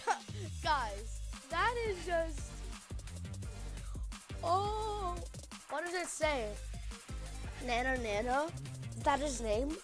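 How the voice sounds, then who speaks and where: A woman's voice: high voice, slow, long pauses, over music. A young woman hosting a gaming channel, chatting casually while she plays and shrieking at what happens on screen. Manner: excitable, gasping and shrieking at the game. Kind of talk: casual game commentary.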